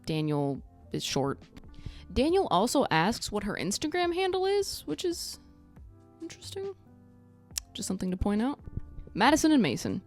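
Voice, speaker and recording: Blunt, sarcastic woman with lively pitch. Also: normal speed, faint music behind. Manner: blunt, sarcastic, swears freely. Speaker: TV recap vlogger. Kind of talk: casual recap and review.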